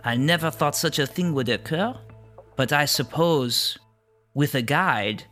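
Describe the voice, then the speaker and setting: A man doing a slow, solemn tree-spirit guide. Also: a little high, pushed and bright, faint music behind, pitched above the performer's own voice. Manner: slow, measured, pronouncing verdicts.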